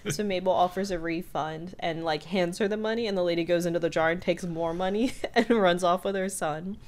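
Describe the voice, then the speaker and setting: A woman co-hosting a podcast, casually recapping a cartoon episode with an animated delivery, often laughing and lifting her voice for quoted characters. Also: lowish voice, fairly quick, hardly any pauses. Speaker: podcast co-host.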